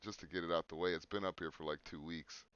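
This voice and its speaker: A man's voice: low-pitched, steady tone, fast, fairly bright tone, smooth, no room sound, dull audio. A man hosting a podcast in casual chat, joking crudely and swearing. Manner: crude joking, breaks into silly put-on voices. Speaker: podcast host.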